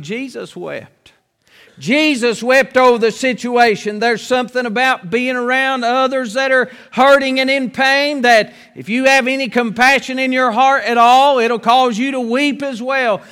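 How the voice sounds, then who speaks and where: High-voiced preacher man, earnest. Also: fairly bright tone, clean tone, in a large hall. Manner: earnest, repeats key phrases with slow emphatic pauses. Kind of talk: sermon.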